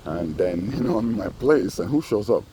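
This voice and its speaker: A man's voice: fairly low pitch, lively intonation, moderate pace, noisy background. A man telling profane, rambling stories full of asides in a personal vlog. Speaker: vlogger.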